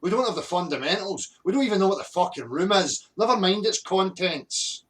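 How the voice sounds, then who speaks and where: Sweary Scottish man, slightly high voice. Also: animated, a little fast, a bit bright. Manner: angry, heavily sweary, blunt. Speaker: livestream host. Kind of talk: live stream rant and chat greetings.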